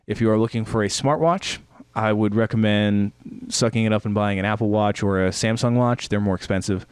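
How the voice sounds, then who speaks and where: Smooth low-voiced man reviewing a gadget. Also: brisk, darkish tone, dry recording. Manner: rambling, hesitant with many fillers and restarts. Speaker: podcast co-host. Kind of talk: casual chat, product review.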